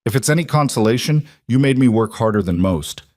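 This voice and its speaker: A man's voice: mid-range voice, animated, fairly quick, a little mellow, no room sound, studio quality, lightly acted. A man voicing a cold, calculating male villain who runs a mine, speaking with menacing politeness.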